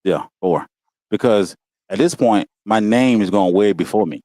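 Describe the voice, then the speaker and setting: Low dry-sounding guy telling school stories, laughs a lot, super casual. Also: moderate pace, dark tone, no room sound. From Walterboro, South Carolina. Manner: laughs often, says "you know what I'm saying". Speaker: guest. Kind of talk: casual storytelling. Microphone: video call.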